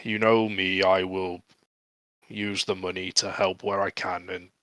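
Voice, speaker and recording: A man playing an earnest, proud orc in a tabletop game, speaking haltingly and laughing often. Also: sits low, level tone, bright, forceful tone, dry recording, rough recording. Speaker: player. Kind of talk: in-character tabletop role-play.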